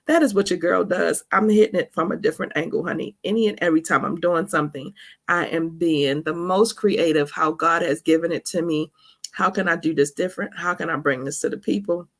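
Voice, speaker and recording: Woman podcast host, Baltimore accent with some Texas twang, casual and chatty, laughs often, gravelly voice. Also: lowish voice, fairly quick. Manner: chatty, calls listeners honey and y'all; laughs often mid-sentence. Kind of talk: casual spoken monologue.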